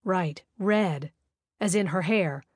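A woman narrates a romance novel in a low, smooth voice. Her storytelling is steady and even. The recording is close and dry, with no room sound. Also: slow pace, dry recording. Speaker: audiobook narrator.

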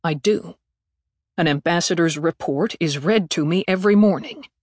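A woman's voice: on the low side, moderate pace, a little mellow, no room sound, studio quality, voice pushed down, natural voice. A woman voicing a stiff, curt male ambassador.

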